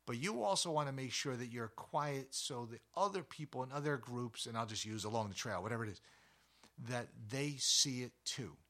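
Folksy outdoors host, male, bright and forward tone, animated delivery with jokes, recorded outside in the mountains. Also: medium pitch, moderate pace. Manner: folksy, animated, jokes, mimics quiet trail voice. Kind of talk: casual outdoor tips talk.

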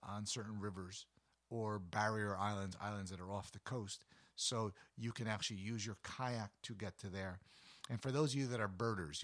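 A man's voice: on the low side, a bit bright, no echo, clean studio sound. A man hosting an outdoor adventure show, telling rambling, enthusiastic stories and giving casual tips. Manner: chatty, rambling, enthusiastic storyteller. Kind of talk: casual outdoor storytelling to camera.

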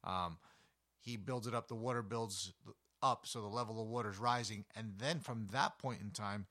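A man giving an animated, conversational talk about wildlife, full of chatty asides and personal stories. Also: on the low side, normal speed. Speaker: wildlife educator. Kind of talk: conversational nature talk with anecdotes.

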